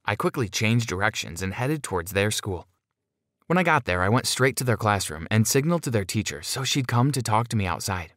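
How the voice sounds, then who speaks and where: A man narrating a first-person story in an expressive, dramatic way. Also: fairly low pitch, fairly quick, no room sound, clean studio sound.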